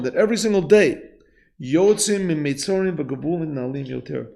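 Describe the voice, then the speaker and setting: Gravelly-voiced rabbi teaching a class. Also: male voice, a little high. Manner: storytelling, acts out quoted voices, frequent throat clearing. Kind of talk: classroom Torah lesson. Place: yeshiva classroom.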